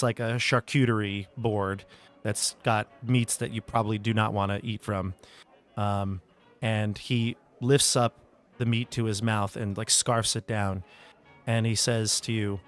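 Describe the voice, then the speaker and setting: Man as game master, tabletop game, relaxed halting narration, soft music behind. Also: on the low side.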